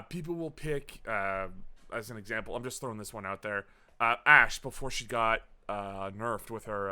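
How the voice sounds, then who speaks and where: Animated, bright-voiced man chatting about games. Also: mid-range voice. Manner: animated, swears freely, many fillers and restarts. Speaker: podcast co-host. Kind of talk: casual gaming podcast chat.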